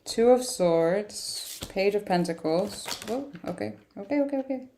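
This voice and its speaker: A woman's voice: mid-range voice, lively intonation, measured pace, warm tone, slight background noise. A tired woman giving a casual livestream tarot reading, chatting in a rambling way and laughing often. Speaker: tarot reader.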